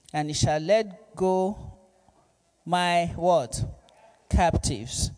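A male pastor preaching a sermon, reading scripture and calling on the congregation to repeat after him in a slow, emphatic manner. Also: a little high, darkish tone. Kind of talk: sermon with call-and-response.

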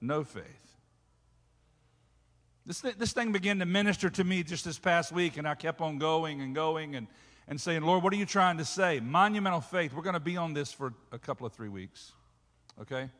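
Male pastor, high voice, preaching with lots of call-and-response, sound ringing through a reverberant church. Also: moderate pace. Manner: preaching with call-and-response asides, rising to loud shouts. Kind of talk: sermon. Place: church sanctuary. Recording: hall reverb.

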